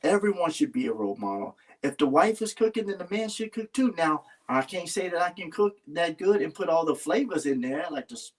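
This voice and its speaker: A man's voice: a little high, sing-song, fairly quick, few pauses. A man talking earnestly in a casual heartfelt conversation, rambling and restarting his sentences. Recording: voice a little far from the mic.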